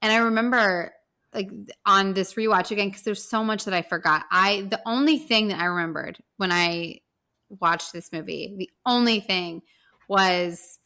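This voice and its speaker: A woman co-hosting a casual movie podcast, talking eagerly and quickly with many "like" fillers. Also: mid-range voice, pushed and bright, clear, resonant tone. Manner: eager, fast, full of "like" fillers. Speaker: podcast co-host.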